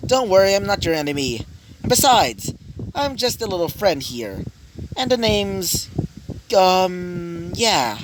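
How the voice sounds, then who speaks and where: A man's voice: high voice, very animated, slow pace, voice pushed up, heavily acted. A man voicing a cheery, nonchalant young male fighter, talking in an easygoing, friendly way. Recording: noisy home recording.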